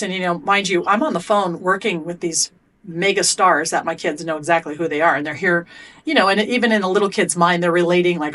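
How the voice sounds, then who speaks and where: A woman's voice: lowish voice, fairly quick, fairly bright tone. A middle-aged woman, a performance coach being interviewed on a podcast, telling stories in an emphatic, earnest way. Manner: emphatic, storytelling.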